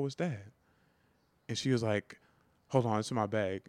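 A man's voice: fairly low pitch, moderate pace, a little mellow, smooth, no echo. Rambling man telling a story. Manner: rambling, full of "like" and "right?". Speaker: podcast co-host. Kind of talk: casual storytelling chat.

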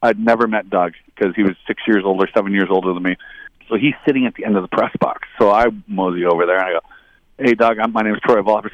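A man's voice: fast talker, dry recording, muffled recording. A middle-aged man, a former hockey player, telling long casual anecdotes, rambling and quoting others. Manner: rambling anecdotal, quotes others in higher voices. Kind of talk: casual storytelling.

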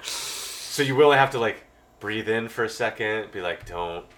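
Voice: medium pitch, normal speed, fairly bright tone. A podcast co-host in casual chat, making dry teasing remarks.

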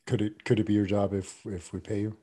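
A man's voice: fairly low pitch, little pitch movement, brisk, dark tone, slightly rough. A man playing a tabletop role-playing game with wry, joking remarks. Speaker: player.

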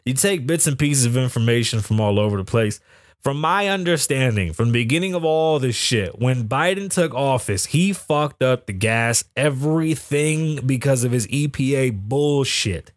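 A man's voice: medium pitch, expressive, normal speed, dry recording, studio quality. A man hosting a podcast, chatting casually with lots of swearing and rambling asides, laughing at odd news stories. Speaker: podcast host. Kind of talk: casual profane commentary.

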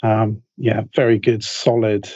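Husky dark-voiced male podcast co-host. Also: on the low side, level tone, a little slow, no echo, muffled recording. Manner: storyteller who acts out quotes, many ums. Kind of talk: casual chat, anecdote.

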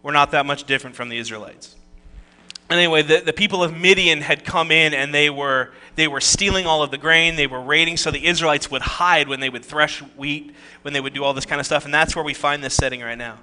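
A man with a very bright, forceful tone and a somewhat raised pitch preaches a casual sermon. He moves between reading scripture aloud and easygoing asides, tossing in jokes and rhetorical questions to his listeners. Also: fairly quick, clear, resonant tone. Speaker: pastor.

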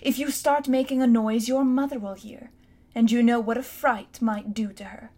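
A woman reading a storybook aloud, voicing a sly, self-satisfied elderly man with a slow, coaxing manner. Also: on the high side, steady tone, warm tone, close to an everyday voice. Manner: smooth, slow and coaxing, with a hint of menace.

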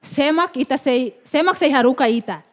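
A woman with a fairly high voice interprets a sermon at a fast clip. She renders each phrase quickly and mixes in Portuguese words as she goes. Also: animated.

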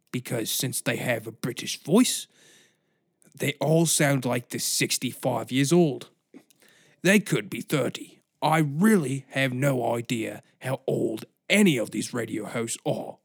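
A man's voice: medium pitch, no room sound, clean studio sound. A man hosting a comedy podcast, ranting in a mocking, jumpy monologue. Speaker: podcast host.

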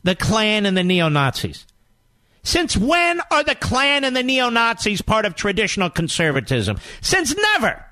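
Combative high-pitched talk radio host man. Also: pushed and bright, no echo. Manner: combative, rapid-fire rhetorical questions; emphatic, rallying. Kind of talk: political talk radio monologue.

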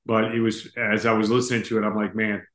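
A male podcast host reflects aloud on his guest's story in a casual tone. His voice sits slightly low. The recording carries a roomy echo. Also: little pitch movement, fast talker, a bit bright. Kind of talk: interview conversation.

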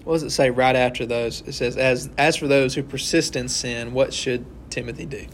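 A man's voice: mid-range voice, fairly even intonation, moderate pace, slight background noise. A man leading an interactive Bible study, talking conversationally, often tagging his points with "right?" and acting out little scenes. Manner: conversational, asks the group questions; tags sentences with "right?".

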